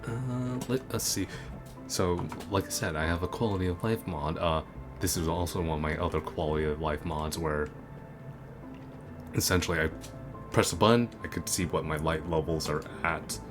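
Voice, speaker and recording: While game music plays in the background, a man who makes gaming videos keeps up casual, rambling commentary, often restarting, correcting himself, and using fillers. He speaks at normal speed in a low, steady voice.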